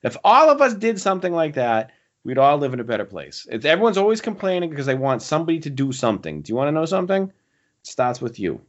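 A man co-hosts a casual podcast and earnestly presses listeners to do better. His pitch swoops up and down with a lot of life. The sound is dull and lo-fi. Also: sing-song, fast. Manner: earnest, preachy, encouraging. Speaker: podcast co-host.

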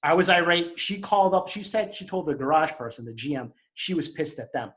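A man with a Boston accent telling an angry story in casual chat, fast and profane. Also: on the high side, lively intonation, a bit bright.

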